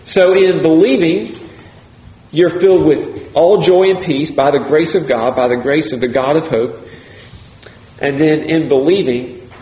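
A man preaching a sermon in a deliberate, emphatic way, repeating key phrases for emphasis. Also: fairly high pitch, dark tone. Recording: echoey hall, faint ambience.

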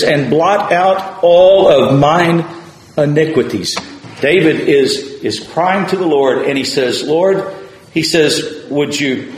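A man preaching a sermon, paraphrasing scripture and building to fervent calls. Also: a little high. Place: church sanctuary. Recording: roomy church echo.

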